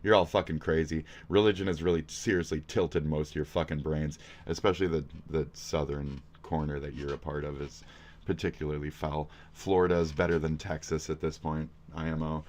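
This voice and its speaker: A man's voice: a bass voice, fairly even intonation, brisk, darkish tone. A man, a streamer reacting to a video, ranting crudely and angrily with constant swearing. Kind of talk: profane rant.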